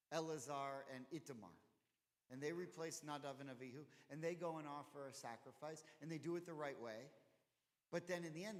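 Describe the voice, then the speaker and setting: A man teaching an informal Torah study class in a conversational, animated way, acting out the dialogue he quotes. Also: a little high. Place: temple chapel. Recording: long hall reverb.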